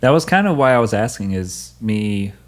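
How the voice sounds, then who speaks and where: A man's voice: lowish voice, big pitch swings, normal speed. A man co-hosting a podcast, asking questions in a friendly, encouraging way. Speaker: podcast co-host. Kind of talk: casual chat.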